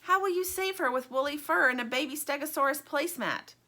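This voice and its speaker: A woman's voice: high voice, a little fast, pushed and bright, pitched above the performer's own voice. Woman doing a prim, fussy plush stingray. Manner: prim and complaining.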